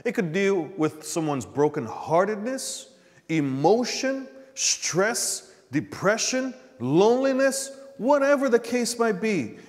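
A male pastor delivers a sermon in a fairly high voice, taking his time over each phrase. He calls to the congregation for an amen. The sanctuary rings with a long reverb. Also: sing-song, slow. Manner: preaching with call-and-response "Amen?". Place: church sanctuary.

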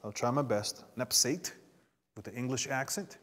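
A man preaching a sermon to a congregation. He swings between quiet asides and emphatic rises, and calls out for responses. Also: mid-range voice, fairly quick. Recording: long hall reverb.

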